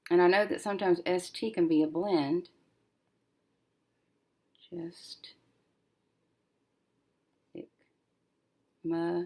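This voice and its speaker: A woman teacher working through a syllable-division lesson, thinking aloud and slowly sounding out each syllable as she writes. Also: lowish voice, mellow. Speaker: reading teacher.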